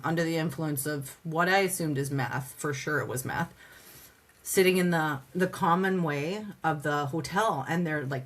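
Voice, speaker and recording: A woman from Canada, a podcast guest and advocate, telling her story casually, acting out conversations with many "like" fillers. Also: on the low side. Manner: lively storyteller who acts out dialogue, many "like" fillers.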